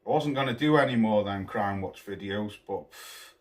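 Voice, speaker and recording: A man's voice: fairly low pitch, normal speed. A man ranting to camera as a boxing vlogger, scornful and full of swearing and name-calling. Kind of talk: angry rant to camera.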